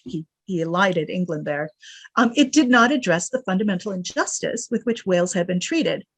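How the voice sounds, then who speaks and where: A woman giving an academic lecture in a dry, close recording. She reads quoted passages with lively emphasis and drops wry asides between them. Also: medium pitch, husky, no room sound. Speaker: guest lecturer.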